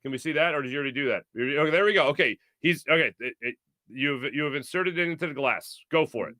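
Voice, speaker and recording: A man's voice: on the high side, quick pace, bright, forceful tone, no room sound, clean studio sound. A man hosting a sports talk show, chatting casually and playfully, laughing often.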